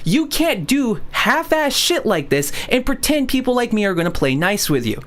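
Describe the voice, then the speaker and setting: A male streamer rants to his chat, sarcastic and swearing freely. His pitch is lively and jumps around a lot. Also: normal speed. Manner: profane, sarcastic, ranting. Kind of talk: livestream rant.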